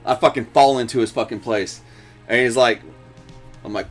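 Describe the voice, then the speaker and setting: A man's voice: fairly low pitch, normal speed, soft background music. A man co-hosting a movie review show, telling a story in casual chat, swearing often and acting out sounds. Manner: profane storyteller, animated, mimics sounds. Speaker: co-host.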